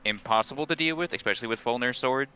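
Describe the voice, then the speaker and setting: A man's voice: medium pitch, fast, pushed and bright, clear, resonant tone. A man playing a tabletop game, thinking aloud and weighing options with restarts. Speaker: player. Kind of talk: casual tabletop game chat.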